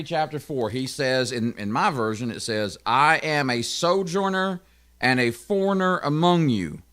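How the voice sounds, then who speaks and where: Male pastor, Tennessee accent, mid pitch, relaxed conversational Bible teaching, quick asides. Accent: Southern US, Tennessee. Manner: chatty, checks in with listeners, quick asides.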